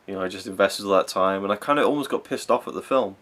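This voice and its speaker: A man's voice: on the low side, fast, hardly any pauses, fairly bright tone. A young man giving a rambling, enthusiastic spoken film review, full of fillers and self-corrections.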